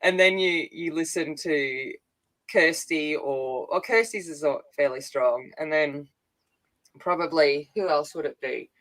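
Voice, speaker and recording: An Australian woman from a country town, co-hosting a casual livestream chat, talking in halting restarts and laughing often. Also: low voice, fairly bright tone, low-quality recording. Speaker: co-host.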